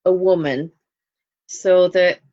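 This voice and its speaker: A woman's voice: lowish voice, steady tone, slow, darkish tone. A woman with a Northern English accent, co-hosting a casual podcast chat, telling stories and laughing often. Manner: chatty storyteller, laughs often. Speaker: podcast co-host. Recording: dull lo-fi sound.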